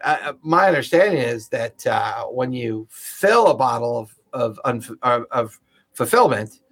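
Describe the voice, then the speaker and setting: A man acting as game master, voicing a merchant in a tabletop game with a casual, halting manner. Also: medium pitch, lively intonation, fairly bright tone, husky. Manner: casual, halting, laughs often.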